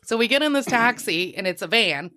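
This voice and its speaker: A woman spins a lively, profanity-laced anecdote as a podcast guest. She talks in a loose, casual storytelling way, recorded in a small office crowded with people. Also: on the high side, fairly quick.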